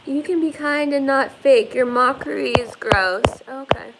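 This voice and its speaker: Woman host, casual phone livestream, rambling and profane, fillers everywhere, slightly high voice. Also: unhurried, very noisy.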